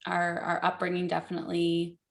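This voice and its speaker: A woman's voice: on the low side, completely flat delivery, fairly quick, gravelly. A woman hosting a podcast, chatting casually and affirming her guest, often asking "right?". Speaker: podcast host. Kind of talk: casual interview chat.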